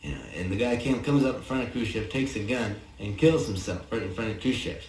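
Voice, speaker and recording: A young man telling a loose, halting anecdote in casual chat, drawling and full of "uh" and "you know.". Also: fairly low pitch, darkish tone. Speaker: songwriter giving commentary. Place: apartment living room. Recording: roomy, distant 1963 home tape with faint hiss.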